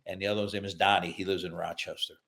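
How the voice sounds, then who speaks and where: Older man, low, gravelly, from upstate New York, guest author, animated anecdotes. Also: racing. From upstate New York, USA. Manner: lively anecdotes, acts out quoted voices, laughs through punchlines. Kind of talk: storytelling in a podcast interview.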